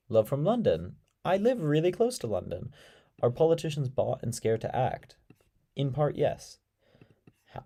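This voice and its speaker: A young American man with a medium-pitched, dark-toned voice hosts a casual live-stream debate show. He answers viewer comments with dry sarcasm.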